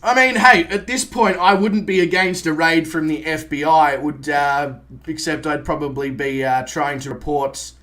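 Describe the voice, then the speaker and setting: A man's voice: a little high, steady tone, normal speed, bright, forceful tone. An Australian man chatting casually on a live stream, greeting viewers by name and swearing lightly as he sets up a flight sim.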